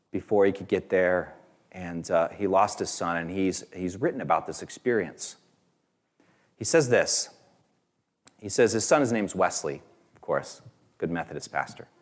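A man preaching a Sunday sermon in a church, telling a story in an earnest, conversational way. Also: on the low side. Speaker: pastor.

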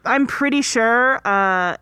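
A woman's voice: on the high side, slow, pushed and bright, clear, resonant tone, dry recording, studio quality. A woman co-hosting a casual movie recap, chatty and full of "like" fillers, who laughs easily. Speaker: podcast co-host.

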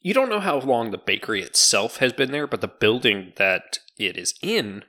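A man running a tabletop game as game master, narrating in a relaxed, joking way. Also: medium pitch, moderate pace.

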